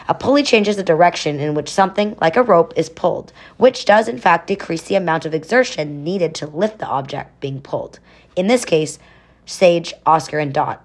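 A woman's voice: lowish voice, animated, moderate pace. A woman narrating a children's adventure story, adding chatty explanatory asides.

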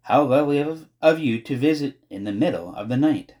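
A man voicing a dreamy, long-winded young boy with a pompous, unhurried way of talking in an audiobook. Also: mid-range voice, lively intonation, a little mellow, voice pushed up, natural voice. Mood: unflappable. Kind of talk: audiobook character voice.

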